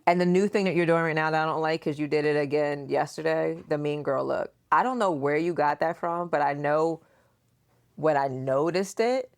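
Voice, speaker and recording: A woman's voice: deep voice, moderate pace. A woman in her forties hosting a podcast, chatting casually and teasingly with her daughter and acting out quotes. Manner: animated, teasing, acts out quotes. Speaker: podcast host, mother. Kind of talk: casual chat.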